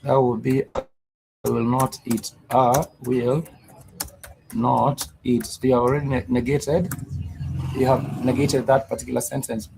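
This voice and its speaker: Gravelly man teaching slowly. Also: medium pitch, fairly even intonation, background noise. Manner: slow, repetitive explaining with many fillers. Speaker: Swahili teacher. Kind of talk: live-streamed language lesson.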